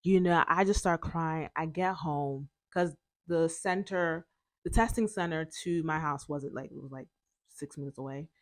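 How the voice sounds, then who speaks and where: Low-voiced young woman telling her story. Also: normal speed, dry recording, studio quality. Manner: chatty, frequent fillers and self-corrections. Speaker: podcast host. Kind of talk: personal storytelling podcast.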